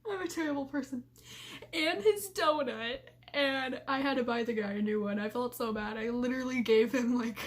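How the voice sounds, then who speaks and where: A woman's voice: fairly high pitch, normal speed. A young woman vlogger telling a prank story in a casual way, full of "like" and "freaking" and often laughing. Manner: giggly, keeps breaking into laughter; fillers like "like" and "freaking".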